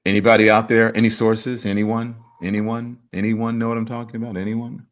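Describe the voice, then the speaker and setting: This talk show host, male with a slightly deep voice, goes through viewer comments on his livestream at a fairly quick clip. He's lively and forceful in his emphasis and likes to throw in jokey, teasing side remarks.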